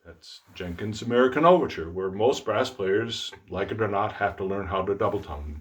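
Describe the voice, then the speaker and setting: A middle-aged man teaching trombone tonguing in a relaxed, self-deprecating way, speaking out the articulation syllables as he explains them. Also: on the low side, normal speed, few pauses, highs cut off. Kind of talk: instructional demonstration.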